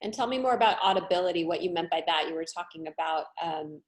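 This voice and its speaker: A woman with a lowish voice hosts a webinar over video call. She prompts her guests with curious, open questions. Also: fast. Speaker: host, solo show coach.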